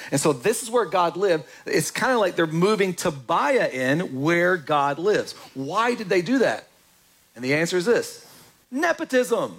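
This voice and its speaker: A man preaching a sermon in a conversational, joking way, with asides to his congregation. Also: a little high. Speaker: pastor.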